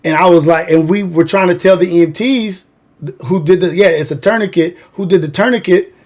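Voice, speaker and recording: Man, somewhat high voice, casual livestream storytelling, rambling, swears a lot, fillers everywhere. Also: fairly quick, a little mellow. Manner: rambling, profane, heavy use of "like". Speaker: livestream host.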